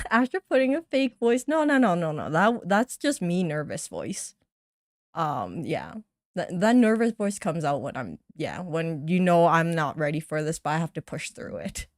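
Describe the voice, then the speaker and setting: A woman's voice: sits low, sing-song, moderate pace, no room sound, clean studio sound. A woman streamer chatting casually and teasing herself, laughing often as she reacts to an old stream of hers.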